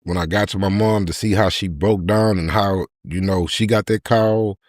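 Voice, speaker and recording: A man's voice: on the low side, normal speed, no room sound, studio quality. A middle-aged man, telling his story in an interview and acting out the voices of people in it. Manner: animated retelling, acts out quoted voices. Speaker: podcast guest.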